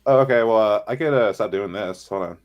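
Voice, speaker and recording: A man's voice: on the low side, fairly quick. Easygoing young man, lots of fillers. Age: 20s. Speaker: guest. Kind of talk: casual chat.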